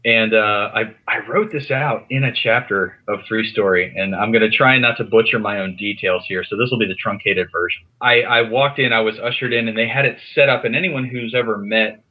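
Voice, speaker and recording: Guy rambling through a story, lowish voice, kinda muffled lo-fi call sound. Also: fairly quick, few pauses. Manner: animated, rambling with restarts. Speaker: podcast guest, comics writer. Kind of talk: casual storytelling. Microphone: remote call.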